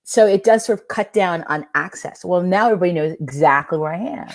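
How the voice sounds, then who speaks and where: A woman storyteller and author chatting casually over a video call, animated and laughing often. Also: fairly low pitch, fairly quick.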